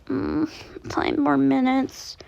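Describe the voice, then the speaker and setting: A small, cheerful cat-girl, put on by a woman reading a story. Her voice is high, sweet and childlike with a gravelly edge. The recording sounds dull and lo-fi. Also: measured pace, a little mellow, slight background noise.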